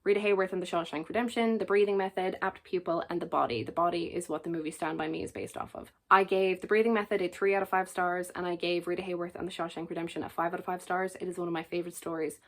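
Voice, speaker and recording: Talking casually to her camera, a book reviewer with a somewhat low voice runs through her picks in a jokey, enthusiastic way. Her tone stays steady and she speaks quickly with few pauses.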